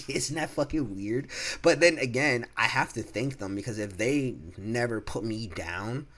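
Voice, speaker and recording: A man's voice: mid-range voice, measured pace, a bit bright, a little hiss or hum. A young man in his twenties casually telling a storytime vlog from home, profane and stumbling over repeated words. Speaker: vlogger. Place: home room.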